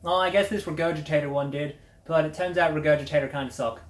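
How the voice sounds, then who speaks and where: A woman's voice: sits low, fast. A woman hosting a casual media review, blunt, sardonic and full of swearing. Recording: roomy echo.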